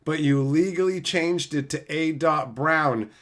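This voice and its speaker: A man's voice: on the high side, unhurried, fairly bright tone. A man casually reading live chat on a stream and teasing his chatters in a playful, mock-insulting way.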